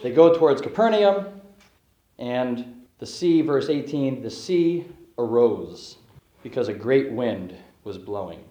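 A man's voice: mid-range voice, dark tone, reverberant, poor audio. A man preaching a sermon, working through a scripture passage with earnest, rising emphasis on key phrases.

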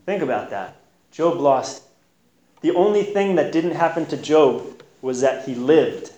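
A man's voice: fairly high pitch, animated, a little slow, warm tone, highs cut off. A man giving an informal Bible teaching in an earnest, conversational way, pressing hard on key points. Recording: roomy echo.

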